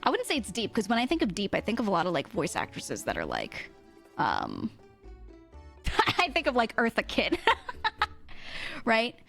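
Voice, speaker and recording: A woman streamer, chatting fast and casually with her chat, swearing freely and laughing often, in a mid-to-low register. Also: wildly swooping pitch, gravelly, a bit bright, faint music behind.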